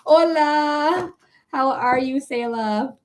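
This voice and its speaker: Woman host with a Detroit accent, somewhat high, loose and chatty, thinking out loud on a live stream, sleep deprived. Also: expressive, normal speed, a little hiss or hum. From Metro Detroit, Michigan. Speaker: psychic reader and livestream host. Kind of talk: casual live-stream chat.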